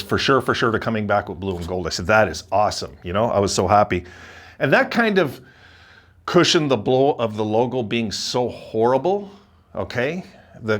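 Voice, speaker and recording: A man hosting a casual hockey video, ranting with lots of repetition and mocking others in a high voice. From Buffalo area, Sabres fan. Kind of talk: casual opinion monologue.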